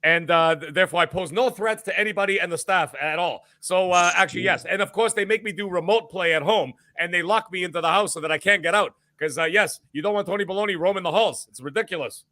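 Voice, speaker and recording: Brash mocking podcast co-host, a man, high and bright, dry close sound. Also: fast, few pauses, no room sound. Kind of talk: comedic in-character banter.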